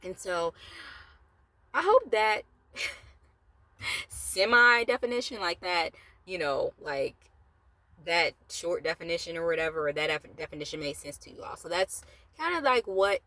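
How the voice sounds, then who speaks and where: A woman's voice: lowish voice, big pitch swings, unhurried, long pauses, sharp tone, no room sound. Chatty woman talking from her car. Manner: chatty, rambling, with laughs and asides. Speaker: motivational vlogger. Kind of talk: casual motivational talk. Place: parked car.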